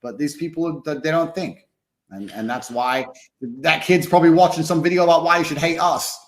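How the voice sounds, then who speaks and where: Blunt, profane man talking fast. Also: on the high side. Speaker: podcast guest. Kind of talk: casual podcast conversation.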